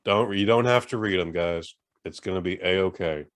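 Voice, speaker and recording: A man's voice: low voice, normal speed. A man co-hosting a podcast in casual chat, blunt and emphatic, swearing as he rants. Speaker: podcast co-host.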